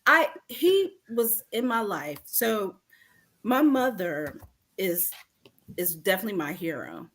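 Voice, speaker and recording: Guest, woman, 50s, from North Carolina: bright, animated storyteller. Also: medium pitch, slow. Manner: animated storyteller, acts out others' lines. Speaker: interview guest, author and femininity coach. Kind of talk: casual storytelling interview.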